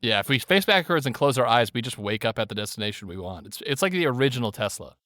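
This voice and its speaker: A man's voice: medium pitch, sing-song, quick pace, fairly bright tone, no echo, clean studio sound. A man co-hosting a true-crime podcast, jokey and laughing often, putting on silly voices. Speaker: podcast co-host.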